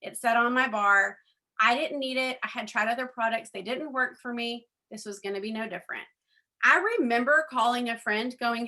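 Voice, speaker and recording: With a fairly high, sharp voice at a moderate pace, this middle-aged network marketing speaker shares her personal testimony with a group. Chatty and full of ums, she performs the dialogue she's quoting and addresses listeners as "guys."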